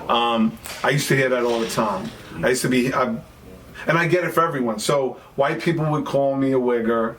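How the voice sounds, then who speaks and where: A man's voice: medium pitch, brisk, fairly bright tone. Fifties New man, reflective storyteller, distant mic, faint hiss. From New York. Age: 50s. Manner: storytelling, reflective, frequent restarts. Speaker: guest rapper. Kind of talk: casual chat.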